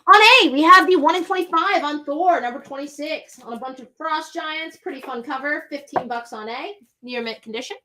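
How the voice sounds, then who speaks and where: A woman hosts a live comic sales stream from a comic shop. Her voice sits high and sounds bright and forward. She runs through items and prices briskly and chats easily between them. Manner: brisk, chatty item rundown.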